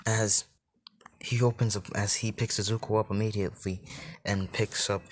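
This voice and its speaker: A man's voice: on the low side, flat delivery, normal speed, a little hiss or hum. A man casually retelling a fan story, rambling and restarting his sentences.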